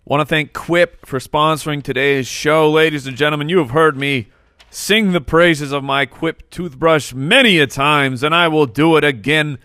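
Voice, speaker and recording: Male co-host, bright and playful, hams up ad reads, dry close mic. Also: on the high side, fairly even intonation, normal speed, dry recording. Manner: playful, hams up announcements and ads. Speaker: podcast co-host. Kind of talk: casual podcast chat and sponsor read.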